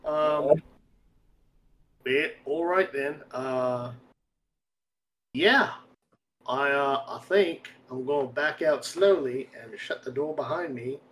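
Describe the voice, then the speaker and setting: Halting man playing a tabletop game. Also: medium pitch, fairly bright tone, rough recording. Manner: halting, filler-heavy. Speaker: player.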